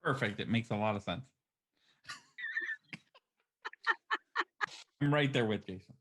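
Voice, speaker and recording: Male player: playful, teasing, bright and lively in pitch. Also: slow pace, breathy edge. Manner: laughs often, teasing. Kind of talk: casual game banter.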